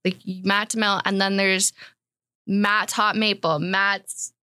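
Bright-voiced bubbly young woman host. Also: mid-range voice, flat delivery, smooth, dry recording, studio quality. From Belleville, Ontario. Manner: bubbly, quick to laugh along. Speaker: podcast host. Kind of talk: casual podcast chat.

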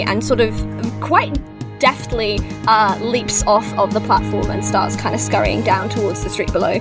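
A woman's voice: a little high, unhurried. A woman narrating as game master of a tabletop game, rambling and hunting for words with lots of fillers. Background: music.

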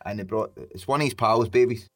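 A man's voice: on the low side, a little fast, a bit bright. A Scottish man in his thirties, hosting a casual podcast chat, swearing freely and joking around. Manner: swears freely, jokey banter.

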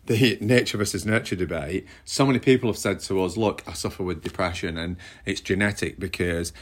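A middle-aged man with a northern English accent co-hosts a casual podcast chat, talking in a rambling, conversational way with restarts. His voice sits low and he speaks briskly.

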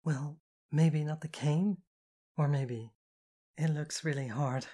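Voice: medium pitch, fairly even intonation, slow, breathy edge. Narrator voicing a shy, earnest young woman. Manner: soft, hesitant, pleading. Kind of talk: audiobook character voice.

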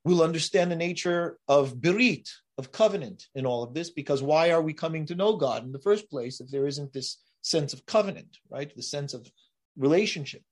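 Guy giving a torah class, kinda high voice, gets really emphatic on key words then goes quiet. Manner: emphatic, builds to forceful rises on key words. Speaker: rabbi teaching a class. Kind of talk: Torah lecture.

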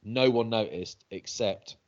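A man co-hosting a casual podcast as a rugby commentator, telling stories with lively exclamations. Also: on the low side, unhurried, muffled recording. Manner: animated, swearing storyteller. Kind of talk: casual chat.

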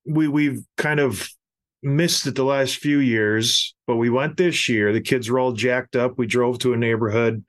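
Middle-aged male host, mid-pitched, animated casual storyteller. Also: measured pace. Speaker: podcast host. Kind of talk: casual chat.

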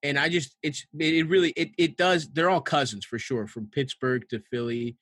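A man's voice: on the high side, fairly even intonation, normal speed, a bit bright, no room sound. A man from Baltimore telling crude, rambling stories on a podcast and laughing often. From Baltimore, USA. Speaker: podcast guest. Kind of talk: casual podcast chat.

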